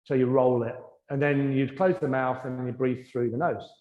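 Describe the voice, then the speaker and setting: A man teaching a yoga class, giving gentle, encouraging breathing and movement cues that soften and slow during the breathing practice. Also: mid-range voice, steady tone, reverberant, big-room sound, narrow, tinny audio. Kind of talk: guided yoga class instruction. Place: yoga studio.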